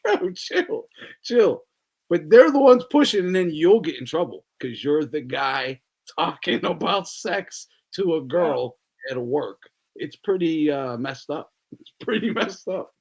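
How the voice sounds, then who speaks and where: He speaks a little high with lively intonation, a breathy edge, and a measured pace. As a podcast host, he keeps things loose, foul-mouthed, and full of laughter.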